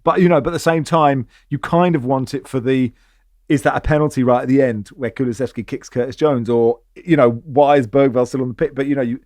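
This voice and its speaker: A man hosting a football podcast in casual chat, jokey and quick to slip into comic voices. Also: mid-range voice, fairly even intonation, darkish tone, dry recording, studio quality. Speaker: podcast host.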